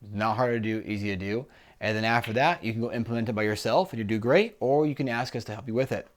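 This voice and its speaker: A man co-hosting a casual business chat, talking conversationally and pitching a one-on-one call. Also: fast talker. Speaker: business coach co-host.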